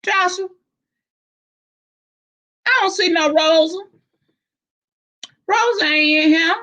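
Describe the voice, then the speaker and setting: A woman's voice: very high voice, takes it slowly, bright, forceful tone, low-quality recording. A woman hosting a casual livestream, laughing often as she greets viewers by name and reads their comments. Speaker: livestream host.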